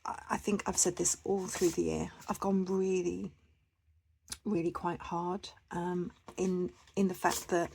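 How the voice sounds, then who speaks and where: A woman's voice: lowish voice, flat delivery, measured pace, vocal fry, a little mellow, a little hiss or hum. A woman chatting casually to camera as a budgeting vlogger, rambling with lots of fillers and restarts.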